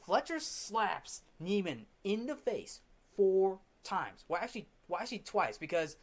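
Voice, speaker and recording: A man's voice: high voice, big pitch swings, measured pace. A man hosting a casual film review, rambling through the scenes with many restarts.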